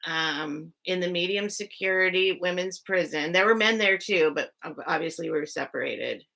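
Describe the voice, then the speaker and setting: A woman's voice: fairly low pitch, vocal fry, bright, forceful tone. A woman hosting a live sale stream, casually telling a personal story to her chat, full of "like" fillers and greeting viewers by name.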